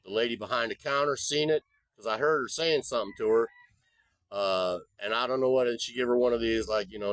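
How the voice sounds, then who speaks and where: A man spins a casual story for his vlog, folksy and rambling, swearing freely as he goes. His voice sits at an ordinary middle pitch, recorded dry and close with no room sound. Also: fairly quick, a bit bright, no echo. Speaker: vlogger. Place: abroad in the Philippines.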